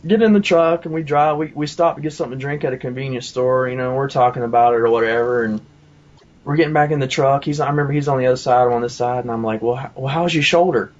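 A man's voice: mid-range voice, muffled recording. A man telling a personal testimony in a casual, rambling way, full of asides and fillers. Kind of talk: casual storytelling.

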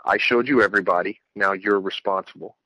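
Stern, measured voice of God, quoted by a man, slightly lower and quieter. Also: fairly even intonation, dry recording, rough recording.

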